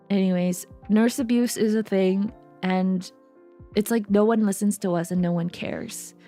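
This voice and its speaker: A woman streamer telling a work story in casual chat, animated and laughing often, acting out the people she quotes. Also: mid-range voice.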